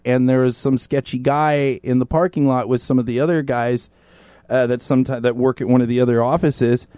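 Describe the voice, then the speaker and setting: Animated, profane male podcast storyteller. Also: medium pitch, no echo. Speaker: podcast co-host. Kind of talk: casual chat, storytelling. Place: podcast studio in North Hollywood.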